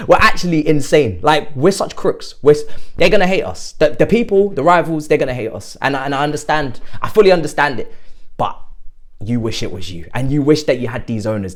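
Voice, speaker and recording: A young man hosts a fan reaction video. He sounds giddy and excitable, with lively, jumpy intonation and a slightly high voice. His excitement breaks out in sudden loud bursts. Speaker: football fan channel host.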